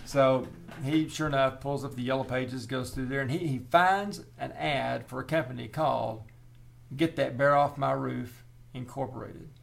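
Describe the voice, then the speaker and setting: A man's voice: mid-range voice, fairly even intonation, normal speed, vocal fry. A man telling a long joke in a rambling, folksy way. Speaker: storyteller.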